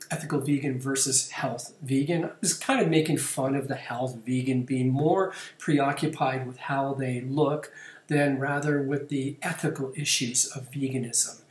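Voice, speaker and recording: A man talks straight to camera in a wry, playful tone, poking fun at himself as he reads through viewer comments. His voice sits at an ordinary middle pitch. The sound bounces around a bare, echoey room. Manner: wry, playful, self-mocking. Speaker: vlog host. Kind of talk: casual talk to camera, reading viewer comments.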